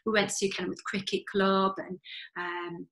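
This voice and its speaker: A woman's voice: mid-range voice, level tone, moderate pace, fairly bright tone, poor audio. A woman, in her thirties, earnestly telling her story as an interview guest, with many fillers and restarts. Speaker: interview guest, charity fundraiser. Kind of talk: conversational interview.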